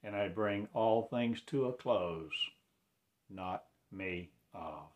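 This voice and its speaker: This man's religious monologue wanders, moving between soft, low muttering and loud proclamations, with words frequently stretched out. His pace is slow and the audio is lo-fi.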